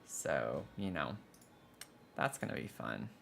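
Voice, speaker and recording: A man's voice: very deep voice, very animated, slow pace, creaky, a bit bright, faint music behind. A man casually chatting through a building game on a livestream, complaining about bugs and groaning when things go wrong. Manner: chatty, frustrated, prone to dramatic groans. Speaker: game streamer.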